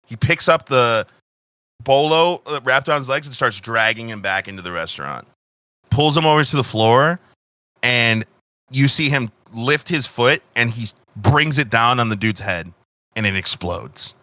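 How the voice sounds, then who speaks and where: A man narrating as game master, casual and profane, often restarting his sentences. His voice is bright and forward, recorded dry and close. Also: medium pitch, expressive, normal speed, no room sound.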